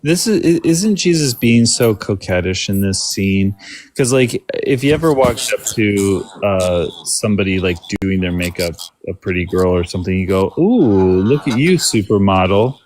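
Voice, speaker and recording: A man's voice: deep voice, moderate pace, darkish tone. A man co-hosting a stream who chats casually and cracks playful jokes. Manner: wisecracking, playful bits. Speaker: stream co-host. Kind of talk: casual joking chat.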